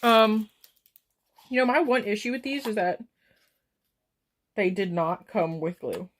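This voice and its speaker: A woman's voice: medium pitch, lively intonation, measured pace. Woman streamer, casual rambling chat, drifting from topic to topic, talking back to her chat. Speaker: live streamer.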